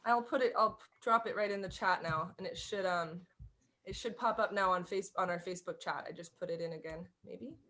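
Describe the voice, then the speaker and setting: A woman's voice: lowish voice, brisk, sharp tone. A woman teaching a fiddle class over a video call, explaining in a chatty way and often restarting and rephrasing as she goes. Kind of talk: online music lesson, casual explaining.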